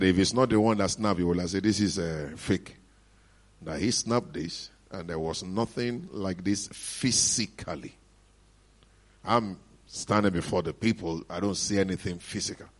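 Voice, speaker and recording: A middle-aged man with a Nigerian accent, preaching and telling a testimony in an animated, joyful manner. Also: sits low. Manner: animated storytelling with frequent laughs and hallelujahs. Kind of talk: sermon testimony.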